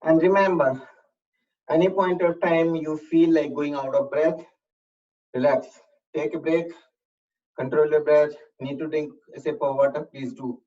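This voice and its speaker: A fitness instructor leading a workout class, calling out reps and giving calm, measured reminders to breathe. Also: mid-range voice. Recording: distant, slightly dull room recording.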